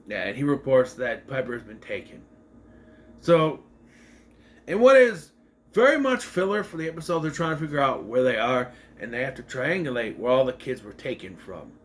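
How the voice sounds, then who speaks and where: A man's voice: mid-range voice, very animated, normal speed, slight background noise. A man casually recapping and reviewing a TV episode, rambling and correcting himself as he acts out the scenes.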